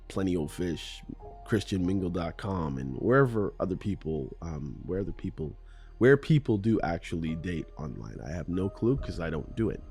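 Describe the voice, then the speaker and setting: A man hosts a solo podcast in his morning voice, rambling and conversational, now and then poking fun at himself. His voice sits on the low side with a dark, mellow tone. Faint music plays underneath. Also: very animated, normal speed. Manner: rambling, conversational, self-deprecating. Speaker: podcast host.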